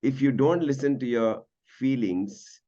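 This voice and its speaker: A man from India who interviews his guest, hesitating and filling his pauses with "uh" while he reads out quotes. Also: mid-range voice, warm tone, lo-fi sound. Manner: hesitant, many fillers. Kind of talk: interview questions.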